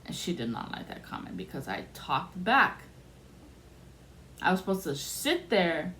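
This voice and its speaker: Unhurried, lowish and fairly bright, with big swings in pitch, this podcast host tells a personal story. Her manner is blunt and casual, and she acts out the voices of the people she quotes, against faint background noise.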